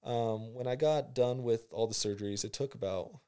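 In a casual conversation, a young college football player tells a story with slang, acting out his reactions in an easygoing way. He has a mid-range voice that's warm, clear, and resonant, at a moderate pace.

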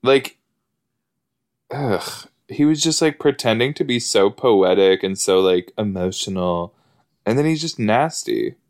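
Slow-talking low-voiced man reacting chattily. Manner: chatty and excitable, full of fillers and gasps. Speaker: podcast host reacting to an episode. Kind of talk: casual watch-along commentary.

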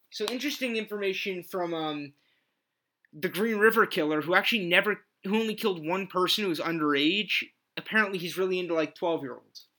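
A man hosting a comedy podcast with a bright, crisp tone at a middle pitch. He rambles loosely and fills gaps with "uh" and "um." He keeps things casual and offhand. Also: a little fast. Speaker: podcast host.

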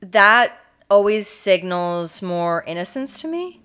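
A woman's voice: mid-range voice, big pitch swings, takes it slowly, pushed and bright, clean tone. A woman co-hosting a casual true-crime podcast, walking her co-host through a case and acting out the quotes.

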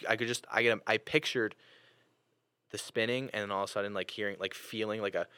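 A young man with a lowish, bright, forceful voice hosts a casual podcast chat, telling stories with lots of "like" and restarts. His voice sits close and dry, with no room sound. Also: fast talker, clean tone, no room sound. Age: young adult. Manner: animated storyteller, many fillers and restarts. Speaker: podcast host.

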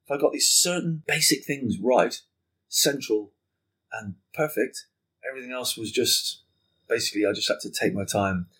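A man guest on a podcast, telling a story in casual conversation, animated and swearing freely while acting out what people said. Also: mid-range voice, normal speed, breathy edge.

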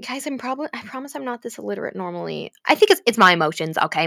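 A young woman gushing about a book to her viewers, swearing freely and swinging between gasps, whispers and shouts. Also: lowish voice, expressive, very fast, gravelly, few pauses, no room sound, studio quality. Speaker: fanfiction vlogger. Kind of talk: emotional casual rant about a book.

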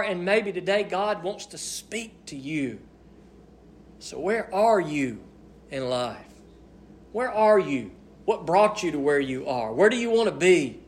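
Preacher, male, high voice, emphatic sermon delivery that swings between loud and hushed. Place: church service.

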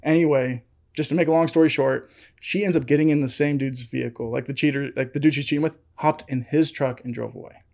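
A man's voice: mid-range voice, steady tone, fast, creaky, a little mellow. A young man telling a long story on a casual podcast chat, full of fillers, laughing often. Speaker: podcast co-host.

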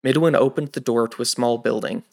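A man narrates a fantasy audiobook in a steady, scripted storytelling manner. He does the plain narration between the characters. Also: medium pitch, brisk, vocal fry.

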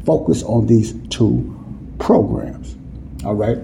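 Preaching on the Bible, this man talks casually, uses nonstandard grammar, and keeps checking in with "you see what I'm saying?" His voice is lowish, mellow, and slow-paced, and a little background noise can be heard.

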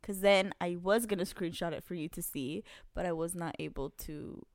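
A woman's voice: on the low side, normal speed, no echo, studio quality. A young woman co-hosting a podcast, telling a story in casual chat, swearing and laughing often. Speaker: podcast co-host.

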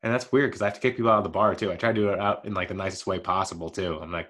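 A man's voice: low voice, fairly even intonation, racing, few pauses, fairly bright tone. A man in his thirties talking casually on his own show, rambling and laughing at himself, mild-mannered and never raising his voice. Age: 30s. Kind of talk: casual solo monologue.

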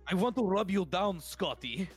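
A man's voice: fairly high pitch, animated, unhurried, a bit bright, faint music behind, exaggerated voice. A man putting on an exaggerated Russian accent, playing a crude, leering flirt.

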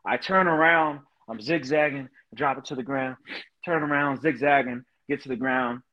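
A man's voice: mid-range voice, steady tone, moderate pace, muffled recording. A man, a veteran, telling his personal story in an earnest, emotional way as a podcast guest, often saying "you know". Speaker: guest, Marine veteran and motivational speaker.

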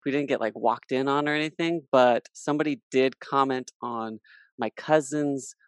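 A man's voice: mid-range voice, normal speed, clear, resonant tone, no room sound. A young man telling a personal story in casual chat, matter-of-fact and blunt.

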